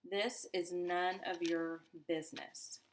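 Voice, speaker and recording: A woman's voice: on the low side, flat delivery, slow pace, a little hiss or hum. A woman voicing a gangly male security guard who barks threats at children in a storybook reading. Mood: menacing. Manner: barking, threatening.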